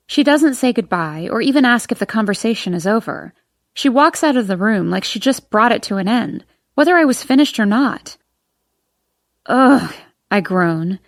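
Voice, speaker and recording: A woman narrating a first-person audiobook in an expressive, emotional reading. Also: fairly high pitch, dry recording, studio quality.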